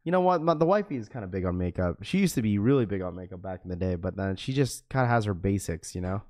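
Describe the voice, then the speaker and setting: A man's voice: medium pitch, a little mellow, no echo, studio quality. A young man of Filipino heritage hosting a casual livestream, loose and slangy, joking and laughing with his chat. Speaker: livestream host.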